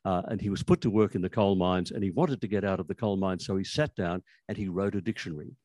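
A man's voice: low-pitched, quick pace, darkish tone, no room sound. An older Australian man giving a conversational, anecdotal talk about language history, with frequent restarts. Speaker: author speaking on language history.

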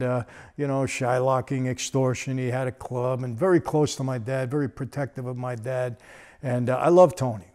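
A man's voice: mid-range voice, darkish tone. A man, telling a story in a casual, conversational way with frequent asides. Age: 60s.

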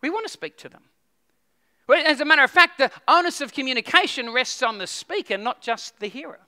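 A man's voice: extremely high pitch, lively intonation, a little fast, bright, forceful tone. A man preaching a sermon as pastor, talking conversationally with frequent restarts and questions to the congregation.

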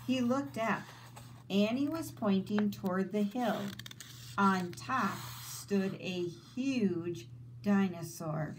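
Teacher lady reading a kids book out loud, slow, lots of ups and downs in her voice. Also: mid-range voice, a little hiss or hum, poor audio. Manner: slow, expressive storytelling. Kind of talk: reading a children's book aloud.

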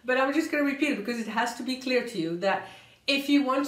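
Energetic woman coaching, high voice, echoey room. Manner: energetic, emphatic, repeats words for emphasis; usually talks fast, slows down to stress key points. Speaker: career coach and vlogger. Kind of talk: motivational vlog talk to camera.

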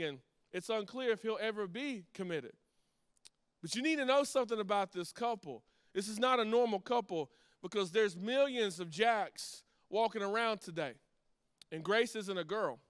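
High-voiced lively pastor preaching. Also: male voice, smooth, dry recording. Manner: lively storytelling with many restarts and asides to the congregation. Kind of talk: sermon.

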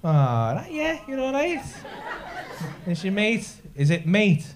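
A man's voice: high-pitched, wildly swooping pitch, slow. A man doing stand-up crowd work, teasing the audience with cheeky, sweary banter on a comedy club stage. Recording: noisy live club, audience laughter.

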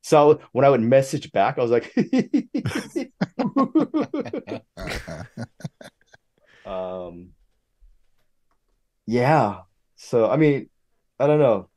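A young man talking as a podcast guest in a casual, animated way. He jumps up in pitch whenever he quotes other people. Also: slow pace, pauses often. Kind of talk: casual interview chat.

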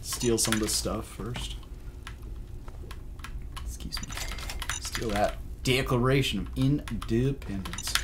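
A man streaming a game live, giving excitable, jokey commentary, swearing and laughing often. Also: on the low side, takes it slowly, long pauses, background noise.

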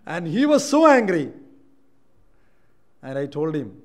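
Speaking slowly with a voice on the high side and big swings in pitch, this man from Kerala preaches in a church hall in Indian English. Quiet, thoughtful passages give way to loud, emphatic declarations.

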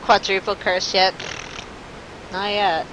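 A woman streaming live gameplay, talking to her chat in a jumpy, nervous way with quick laughs. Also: medium pitch, flat delivery, background noise. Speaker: game streamer.

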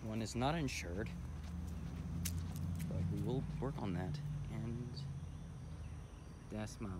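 Slow rambling man with a lively pitch. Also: background noise. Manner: rambling, hesitant, offhand. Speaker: vlogger. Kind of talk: casual home tour vlog. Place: at home, indoors.

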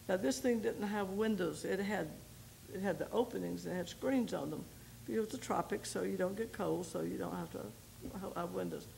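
An older woman, a missionary, giving a folksy personal testimony to a women's group, telling her story with pauses and repeated starts. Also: medium pitch, vocal fry, a little mellow, slight background noise, poor audio. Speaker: missionary speaker.

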